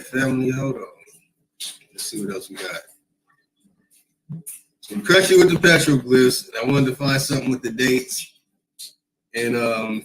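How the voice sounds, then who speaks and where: A man's voice: mid-range voice, fairly bright tone, poor audio. A man hosting a casual livestream, talking in a rambling, emphatic way, often repeating himself and reading comments from the chat. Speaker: livestream host.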